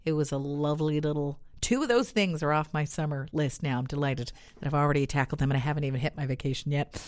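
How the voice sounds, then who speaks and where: A woman radio host chats with her listeners in a loose, upbeat way, with easy fillers. Her voice sits low and sounds dry and close to the mic. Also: quick pace, no echo. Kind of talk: casual radio chat.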